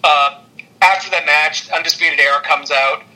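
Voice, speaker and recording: A man's voice: fairly high pitch, steady tone, moderate pace, sharp tone, rough recording. A man casually recapping wrestling on a podcast, rambling with lots of fillers and frequent laughs. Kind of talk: casual chat.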